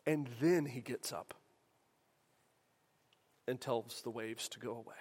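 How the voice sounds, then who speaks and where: A man's voice: mid-range voice, slow pace, pauses often, a little mellow, breathy edge. A man preaching a sermon in a conversational way, asking the room rhetorical questions. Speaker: pastor. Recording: long hall reverb.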